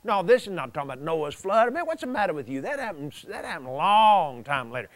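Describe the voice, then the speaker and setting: A man preaching a folksy sermon, telling the story with chuckles and animated storytelling. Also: a little high, fast, no room sound.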